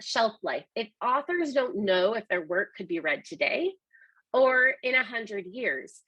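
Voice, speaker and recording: Husky lady giving a webinar talk, dry sound, leans on her points. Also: fairly high pitch, fairly bright tone, dry recording, rough recording. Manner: emphatic, explanatory delivery. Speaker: webinar presenter. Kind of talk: scripted presentation.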